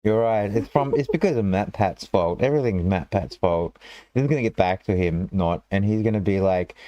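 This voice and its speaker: A man hosts a live stream in a loose, joking chat that wanders and doubles back. His voice sits a bit low. The sound is close and dry. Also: fairly quick, mellow, no echo. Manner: rambling, joking, self-interrupting. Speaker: stream host. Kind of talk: casual chat.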